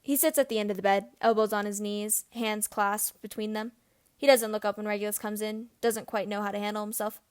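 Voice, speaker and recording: A woman reading fan fiction aloud as narrator, in steady storytelling narration. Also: mid-range voice, fairly quick, smooth. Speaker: reader.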